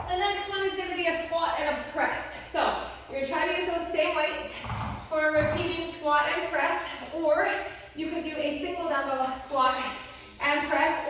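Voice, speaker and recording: A woman's voice: sits high, fairly bright tone. A woman fitness instructor calling short, encouraging exercise cues and counting down reps, out of breath as she works out along with the class. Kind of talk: workout class cueing. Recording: very echoey room, voice from far off. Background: faint music.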